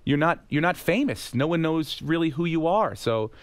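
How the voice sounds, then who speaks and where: A man, a comedian guest on a radio show, speaking haltingly and earnestly, repeating words. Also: on the high side, animated, dry recording. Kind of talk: radio interview.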